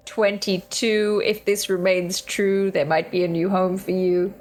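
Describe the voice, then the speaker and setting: A woman's voice: medium pitch, normal speed, few pauses, a little mellow, faint music behind. A woman playing a tabletop game, wry in her remarks. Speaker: player. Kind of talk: casual tabletop play.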